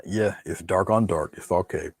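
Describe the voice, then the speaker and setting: A man's voice: low-pitched, moderate pace, creaky, husky, dry recording. A man teaching painting live, joking with viewers and answering their comments as he works. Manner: relaxed, joking, talks to viewers while painting. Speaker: painting instructor.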